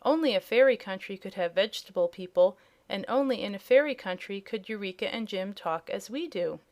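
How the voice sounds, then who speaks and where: A sensible young girl speaks in a brisk, matter-of-fact way. She is cheerful and sure of herself, as a woman reading the book puts her on. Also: medium pitch, animated, dull audio, lightly acted. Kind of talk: audiobook character voice.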